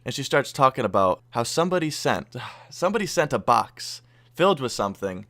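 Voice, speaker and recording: A young man recounts a funny story in a loose, casual vlog voice. He swears freely and gets animated, with a voice at a middle pitch for a man. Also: fairly quick. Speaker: YouTuber. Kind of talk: storytime commentary over gameplay.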